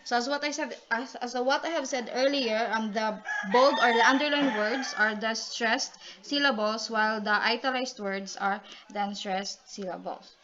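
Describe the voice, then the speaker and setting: A woman's voice: fairly high pitch, steady tone, normal speed, few pauses. A woman presenting a class report, reading definitions with frequent ums and restarts. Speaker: student reporter. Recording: dull lo-fi recording with loud noise.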